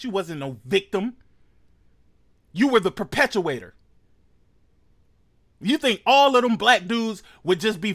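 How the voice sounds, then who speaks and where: A man hosting a reaction commentary show, ranting loudly and mockingly with heavy profanity. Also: high-pitched. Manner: loud, profane, mocking rants. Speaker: commentary host.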